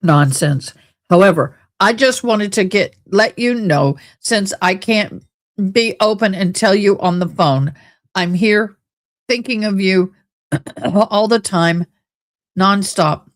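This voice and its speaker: A woman hosting a live stream, reading letters aloud and giving casual commentary in a loose, chatty way with drawn-out exclamations. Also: medium pitch.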